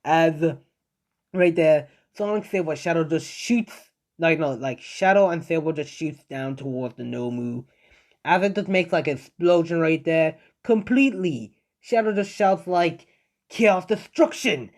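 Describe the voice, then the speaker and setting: A man's voice: a little high, unhurried. Young man rambling through a fan story. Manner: rambling, filler-heavy, self-correcting. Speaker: fan-fiction narrator. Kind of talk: improvised fan story narration.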